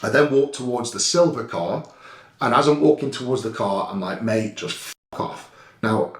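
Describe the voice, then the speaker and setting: A man's voice: medium pitch, expressive, moderate pace, roomy sound. A man telling a story over security footage in a blunt, heated way, swearing freely. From England. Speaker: guest recounting an incident.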